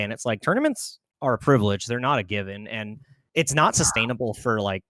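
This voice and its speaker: A man's voice: mid-range voice, fairly quick, a bit bright. A man on a casual panel stream, arguing emphatically and running his sentences together. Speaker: guest on a community stream.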